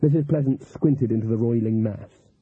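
A man narrating an audiobook in an expressive, lively storytelling manner. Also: mid-range voice, normal speed, slightly rough, no echo. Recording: tinny, phone-like, dry audio.

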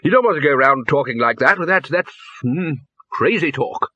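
A man playing a blustering old head wizard, bellowing, stammering, lively pitch, audiobook character. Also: moderate pace. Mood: blustery. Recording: slightly dull lo-fi recording.

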